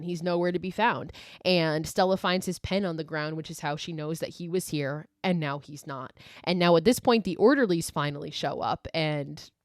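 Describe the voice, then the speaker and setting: Woman host with a lower voice, dry and close to the mic; chatty, profane movie recap. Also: dry recording. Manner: chatty and profane, heavy use of "like". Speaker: podcast host.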